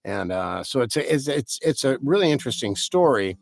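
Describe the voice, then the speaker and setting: A man's voice: medium pitch, big pitch swings, fairly quick, gravelly, no echo. A man who writes novels, rambling casually through a live stream for his viewers and cursing now and then. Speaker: author hosting a live stream.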